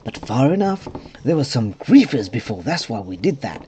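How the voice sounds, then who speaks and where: A man's voice: medium pitch, sing-song, normal speed, warm tone, slight background noise, voice pushed up, natural voice. A man putting on a silly foreign-sounding voice for an eager young male game server owner. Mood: eager welcoming.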